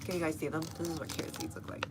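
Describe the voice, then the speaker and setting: This gardening channel host, a young woman from North Texas with a Texan accent, races through her casual live stream in a low voice with fairly even intonation. Heavy background noise surrounds her outdoors in her home's front garden, where she chats easily, laughs a lot and addresses viewers by name.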